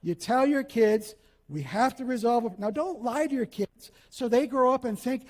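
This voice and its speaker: Man, pastor, sermon, high pitched, animated preaching. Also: moderate pace, in a large hall. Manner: animated preaching with acted-out quotes.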